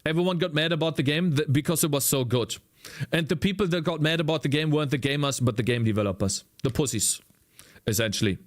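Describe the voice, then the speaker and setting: A man's voice: fairly high pitch, fast. A man with a German accent, a native German speaker, chatting casually with viewers during a live coding stream, rambling and searching for English words. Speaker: streamer and indie game developer.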